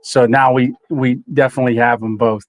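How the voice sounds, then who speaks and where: A man hosting a live stream, reading viewer comments in a relaxed, emotional way with many pauses and fillers. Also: mid-range voice. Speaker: channel host.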